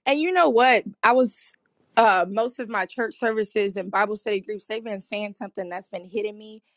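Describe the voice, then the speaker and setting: A woman's voice: medium pitch, moderate pace, no room sound, clean studio sound. A woman co-hosting a casual faith podcast, talking in a preachy, affirming way with punchy repeated phrases. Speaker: podcast co-host.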